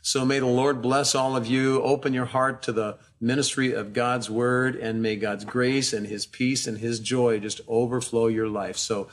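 A man in his sixties, the church's pastor, giving a warm, affectionate introduction before the sermon. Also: medium pitch, little pitch movement, normal speed, hardly any pauses.

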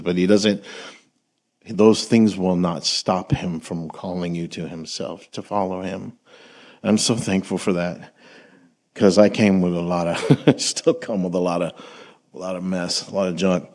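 A man preaching a sermon in a relaxed, conversational way, reading scripture and asking the congregation questions. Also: deep voice. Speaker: pastor.

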